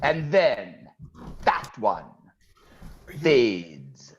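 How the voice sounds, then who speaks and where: A man voicing a foul-mouthed, hostile male fast-food worker in a bad put-on English accent. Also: fairly low pitch, sing-song, muffled recording, slight background noise, pitched below the performer's own voice, heavily acted. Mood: threatening. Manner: swearing, threatening, drawn-out menace.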